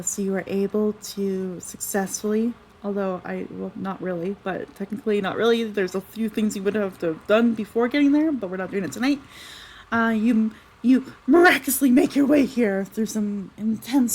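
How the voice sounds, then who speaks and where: A woman's voice: medium pitch, moderate pace, a little mellow, slightly rough, rough recording. A woman narrating as game master of a tabletop game, chatty and rambling with lots of fillers. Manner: chatty, rambling, with many fillers and self-corrections.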